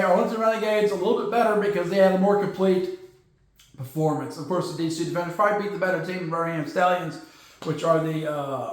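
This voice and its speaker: A man with a high voice hosts a casual sports talk podcast, rambling through rankings with lots of fillers and restarts. His voice bounces around a very echoey room. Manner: rambling, hesitant, fillers, stumbles on names.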